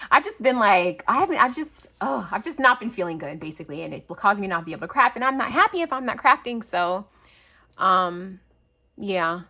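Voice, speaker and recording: A woman in her thirties chatting casually as she opens craft mail at home, gushing and excitable with lots of fillers and gasps. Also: mid-range voice. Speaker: crafting channel host. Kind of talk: casual unboxing chat. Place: home, near garage.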